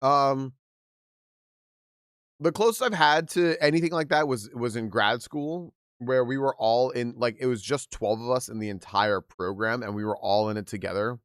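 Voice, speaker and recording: A young man on a livestream reads a post aloud and reacts in loose, casual chat. He laughs often and stumbles through quick restarts. His average-pitched voice sounds close and dry, with no room around it. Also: smooth, no room sound. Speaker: livestream host.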